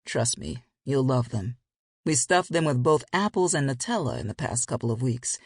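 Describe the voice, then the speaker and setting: A gruff, teasing grown man, voiced by a woman reading an audiobook speaks low and husky, with a growl under his words. The sound is gravelly and breathy. It is close and dry, with no room around it. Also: expressive, moderate pace, darkish tone, dry recording, heavily acted. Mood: easygoing. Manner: growling, rough-edged banter.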